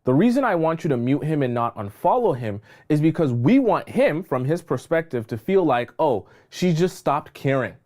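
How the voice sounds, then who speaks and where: A man's voice: fairly high pitch, very animated, moderate pace, hardly any pauses, darkish tone. A man giving dating advice on a livestream, emphatic and repetitive, checking in with his viewers. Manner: emphatic, repeats points, checks in with "okay?". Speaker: dating coach.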